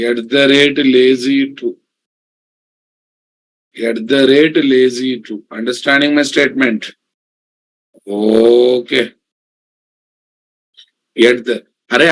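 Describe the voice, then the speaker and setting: A man's voice: mid-range voice, fairly bright tone. A man teaching a live coding lesson, repeating his points and calling the class "guys" and "boss". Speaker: programming instructor.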